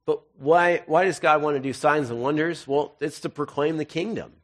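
A man's voice: on the high side, normal speed. Man preaching a casual, joking sermon. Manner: jokey, conversational asides between readings. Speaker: pastor. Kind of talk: casual, humorous sermon with scripture reading.

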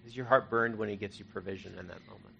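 A man preaching an Easter sermon, earnest and conversational, rising to loud emphasis and dropping to hushed, soft moments. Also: fairly low pitch, fairly even intonation, fast, vocal fry, breathy edge. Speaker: pastor.

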